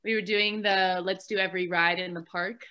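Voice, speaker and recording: Young woman cohost, bright voice, laughs a lot, easygoing chat. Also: medium pitch, fairly even intonation, fairly quick. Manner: laughs often, says "like" a lot. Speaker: co-host. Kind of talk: casual chat.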